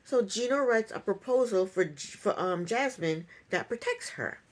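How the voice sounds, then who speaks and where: A woman's voice: medium pitch, animated, normal speed. A woman giving a casual reality TV recap in an opinionated, sarcastic way, with chuckling asides.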